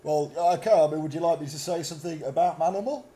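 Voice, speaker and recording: A man's voice: on the high side, fast talker, warm tone. A British man co-hosting an improvised comedy chat, rambling and stumbling with mock confidence from a motorway service station. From Britain. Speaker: podcast co-host.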